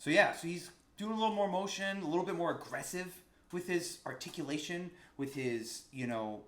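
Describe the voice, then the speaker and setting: A man's voice: fairly high pitch, brisk, echoey room. A man teaching a casual music lesson, enthusiastic and searching for words with frequent restarts. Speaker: saxophone teacher.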